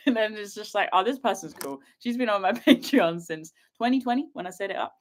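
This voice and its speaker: A young British woman chats on a casual livestream from home, giggling often and wandering from one thought to the next. Her pitch sits in the middle of the range, and her talk is loose, excitable and full of little laughs. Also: brisk. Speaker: wildlife filmmaker and vlogger.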